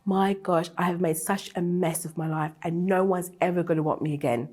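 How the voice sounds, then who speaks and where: A woman's voice: lowish voice, steady tone, fast, hardly any pauses, darkish tone. A woman in her twenties telling her own story on a talk show, earnest and emotional. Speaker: guest sharing testimony. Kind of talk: personal testimony on a talk show.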